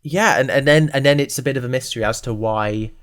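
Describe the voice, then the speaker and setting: A man's voice: mid-range voice, fast. Rambling, joking man recapping a show. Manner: rambling, lively, full of asides and jokes. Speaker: podcast co-host. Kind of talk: casual chat recapping a TV series.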